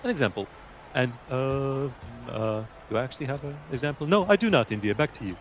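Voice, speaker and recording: A man's voice: mid-range voice, lively intonation, a little fast, slight background noise, lightly acted. A man putting on the voice of a stuffy, prim male announcer in a mock-formal, theatrical way. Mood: pompous. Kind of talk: comic put-on commentary.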